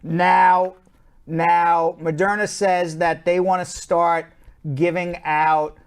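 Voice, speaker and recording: A man's voice: high-pitched, little pitch movement, slow pace, smooth. A man with a Long Island accent hosting a live show, running through the news in a chatty, loose way with fillers and restarts. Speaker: show host and attorney.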